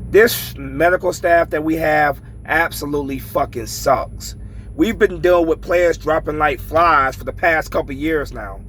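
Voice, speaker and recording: A man's voice: on the high side, unhurried, a bit bright, slight background noise, rough recording. A man ranting as a frustrated sports fan in a casual vlog, swearing heavily and repeating himself.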